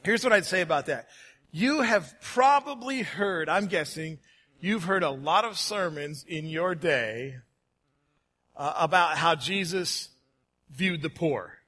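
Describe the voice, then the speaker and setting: A man delivers a Sunday sermon to his church in a fairly high voice. His tone is bright and forceful, and he keeps it friendly with jokes. He slows right down on key phrases. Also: expressive. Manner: friendly, joking, varies pace for emphasis. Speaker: preacher.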